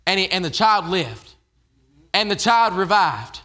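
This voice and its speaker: High, bright-voiced preacher man. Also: very animated, a little slow. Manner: conversational, repeats and restarts phrases. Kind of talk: casual evening sermon. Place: church.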